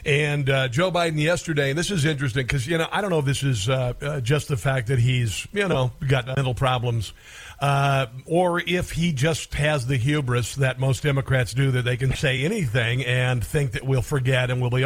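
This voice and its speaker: A man's voice: medium pitch, moderate pace. A man hosting a political talk radio show, delivering a sarcastic, combative monologue with mocking asides.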